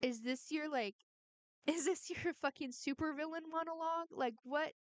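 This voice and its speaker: A woman's voice: high-pitched, moderate pace, dry recording. A woman ranting angrily and sarcastically in a profane commentary vlog. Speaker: vlogger responding to a harasser.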